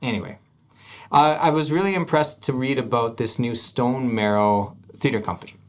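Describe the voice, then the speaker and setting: A man's voice: medium pitch, moderate pace. A man hosting an arts podcast, chatting casually and thinking aloud with frequent restarts. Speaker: podcast host. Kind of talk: casual chat.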